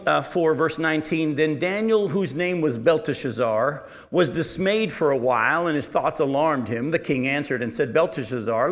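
A man preaching a sermon with a slightly higher voice than most men. He reads scripture aloud and explains it, turning to ask his listeners questions. His delivery is animated, with loud emphasis giving way to quiet asides.

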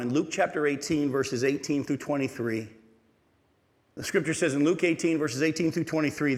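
Animated preaching man in a reverberant hall. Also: fairly high pitch. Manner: animated preaching, rhetorical questions to the congregation. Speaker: pastor. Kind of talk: sermon.

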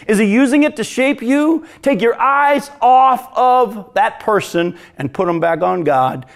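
A male pastor delivering a sermon in a high voice with a gravelly edge. He swings from hushed, drawn-out storytelling to raised, urgent questions put straight to his listeners. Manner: preaching with wide swings from hushed to loud, asking the congregation questions.

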